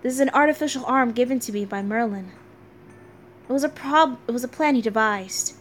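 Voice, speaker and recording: A woman voicing a soft-spoken young male knight in a game, reading his lines in a calm, earnest, slightly lowered voice. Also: fairly quick, slight background noise, lightly acted.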